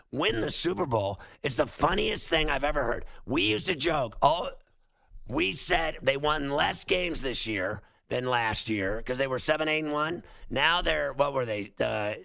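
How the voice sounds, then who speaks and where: A man's voice: a little high, creaky, bright, forceful tone, no room sound. A man hosting sports talk radio, ranting with sarcastic, emphatic outbursts. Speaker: sports talk show host.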